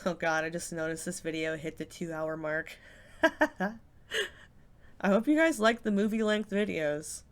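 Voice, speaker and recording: A woman's voice: low-pitched, unhurried, smooth. A woman hosting a reaction commentary, sounding exasperated and sarcastic, with casual swearing. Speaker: commentary channel host.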